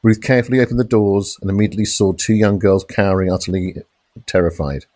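A man reads a police thriller in steady, dramatic narration. His voice sits on the low side and sounds dry and close, with no room around it. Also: dry recording. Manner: measured, dramatic crime reading with shouted police lines. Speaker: audiobook narrator. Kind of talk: scripted narration.

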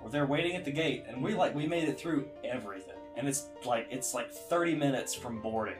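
A man casually telling a travel story on a chat show, acting out the quotes with sudden jumps in pitch. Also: fairly quick, distant mic, music in the background.

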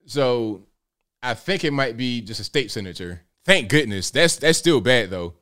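A man's voice: mid-range voice, lively intonation, unhurried, background noise. A man hosting a live show, reacting to clips with slangy jokes and frequent laughter. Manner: joking, slangy, laughs often. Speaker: host.

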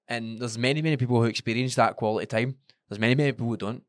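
A Scottish man chatting frankly on a podcast, often agreeing and swearing casually. His voice has a typical mid pitch. The sound is close and dry. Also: fairly even intonation, very fast, no room sound. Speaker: podcast co-host.

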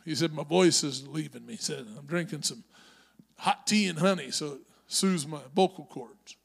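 A high-voiced male pastor with a gravelly edge preaches in a church. He tells stories in a conversational way, then climbs into shouted exhortation. The sound is a live sermon in a sanctuary. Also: normal speed. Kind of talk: Pentecostal-style preaching.

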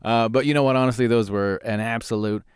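A middle-aged man from Canada, a podcast host and former radio host, telling stories and ranting in a casual, animated way with frequent laughter. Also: mid-range voice, fast talker, clean tone, no room sound, clean studio sound. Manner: animated, laughs often, rants. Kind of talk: casual storytelling monologue.

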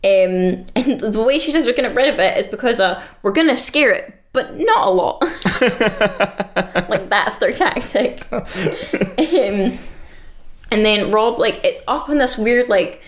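A woman's voice: on the high side, animated, slow pace. A woman co-hosting a casual chat, telling a story in a rambling, giggly way, full of filler words. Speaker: podcast co-host recapping a show.

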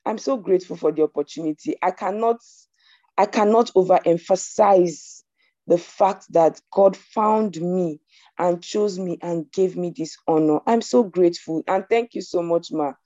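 A woman's voice: on the low side, moderate pace, mellow, no echo, dull audio. Grateful woman giving testimony on a call. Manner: emotional, laughing, thankful. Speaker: prayer group member.

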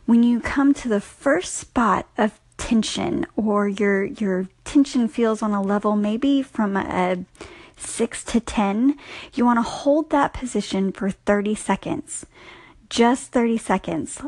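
A woman's voice: fairly high pitch, a little mellow, no room sound. A woman casually explaining a fitness technique step by step, repeating the key points. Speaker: fitness coach giving tips. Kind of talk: casual instructional podcast.

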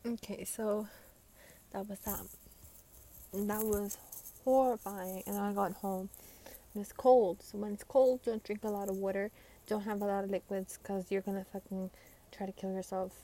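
A woman's voice: medium pitch, level tone, normal speed, pauses often, mellow. A young woman streamer telling a story in a casual ramble, full of fillers and swearing.

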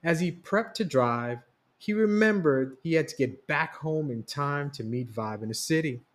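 Man narrating a story with lively pitch. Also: moderate pace. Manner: even, storytelling read. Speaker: podcast storyteller. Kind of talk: scripted narration.

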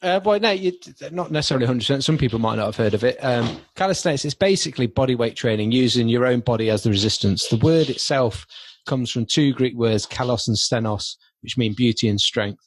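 A man's voice: medium pitch, fairly quick. A man who coaches calisthenics, a guest on a podcast, explaining his work in a friendly way with frequent ums. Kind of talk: casual podcast interview.

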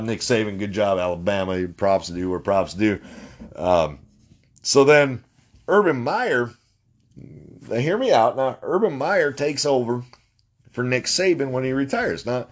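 In his forties, this man hosts a casual sports podcast, delivering a blunt opinion monologue at a measured pace with lively intonation and a medium-pitched voice. His talk rambles, full of fillers, restarts, and the occasional swear word.

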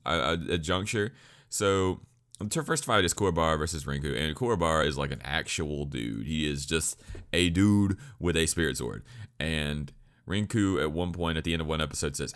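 Man, extremely deep voice, rambling anime commentary, joking, sweary. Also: lively intonation, normal speed, a bit bright. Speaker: anime reviewer.

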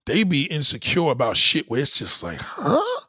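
Animated, husky-voiced man ranting. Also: mid-range voice, a little fast, no room sound, clean studio sound. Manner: animated, profane storytelling with mock-quoted voices. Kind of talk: casual chat.

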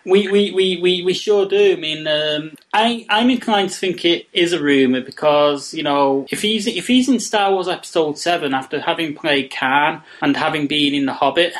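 A man hosts a podcast in a loose, chatty way, stalling on ums and uhs as he rambles along. His voice sits a little high for a man. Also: moderate pace, few pauses. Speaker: podcast host. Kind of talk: casual chat.

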